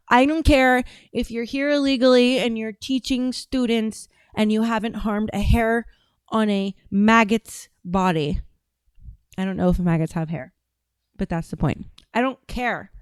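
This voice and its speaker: A woman's voice: on the high side, clear, resonant tone, dry recording, clean studio sound. A woman hosting a casual livestream, reacting to clips and chatting with viewers in a blunt, profane way. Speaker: livestream host.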